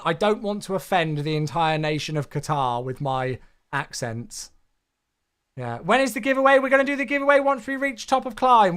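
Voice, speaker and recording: Chatty, lively-voiced male streamer. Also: sits high, smooth. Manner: chatty, thanking viewers, quips to himself. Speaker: flight sim streamer. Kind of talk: casual live-stream chat with viewers.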